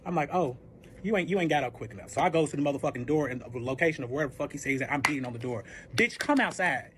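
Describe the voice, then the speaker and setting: A man's voice: medium pitch, very fast, a little hiss or hum. A man animatedly retelling a cheating story, profane and dramatic, acting out quoted arguments. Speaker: storyteller guest. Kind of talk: casual storytime.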